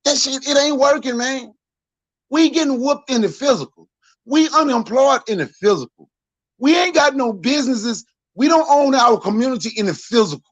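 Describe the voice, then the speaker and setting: A man's voice: very high-pitched, animated, moderate pace, no room sound, lo-fi sound. A man in his forties speaking as a podcast panelist in a blunt, profane, heated rant.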